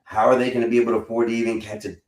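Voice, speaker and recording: A man hosting a call-in stream, talking casually and profanely in a rambling, animated way. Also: mid-range voice, rapid-fire. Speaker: stream host. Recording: roomy echo.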